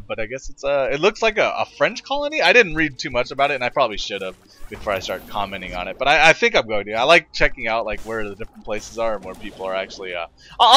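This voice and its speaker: A man's voice: mid-range voice, sharp tone. A man from the United States chatting to viewers while playing a game, rambling with lots of fillers and restarts. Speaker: let's play gamer. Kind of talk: casual gameplay commentary.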